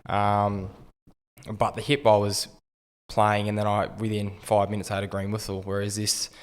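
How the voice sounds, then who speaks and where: An Australian man in his thirties, a retired rugby league player, telling his story in a relaxed, understated way with frequent ums. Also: lowish voice, moderate pace, smooth, long reverb tail. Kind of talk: casual interview storytelling.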